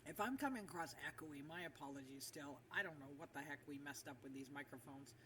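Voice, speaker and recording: A woman's voice: deep voice, fast talker, fairly bright tone. A woman streamer rambling casually while she plays a game, with lots of fillers, in an echoey room. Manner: rambling and chatty with many fillers. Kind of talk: casual livestream chat while gaming. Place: room with echo. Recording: echoey far-off mic with background noise.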